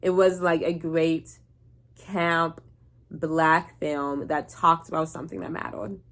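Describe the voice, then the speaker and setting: Young woman, slightly low voice, sleepy, rambling, casual swearing, vlog. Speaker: vlogger. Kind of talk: casual rant to camera.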